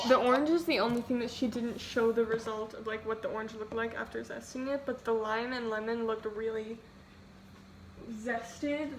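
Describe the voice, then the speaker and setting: Chatty young woman with background noise. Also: fairly high pitch. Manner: chatty, rambling, self-deprecating, many "like"s. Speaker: cooking vlogger. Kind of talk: casual cooking vlog chat. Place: home kitchen. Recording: home video with steady background noise.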